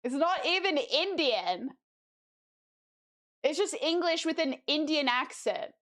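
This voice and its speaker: A woman's voice: sits high, lively intonation, slow pace, a bit bright. Chatty young woman streamer. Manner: chatty, slangy, laughs easily. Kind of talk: casual chat.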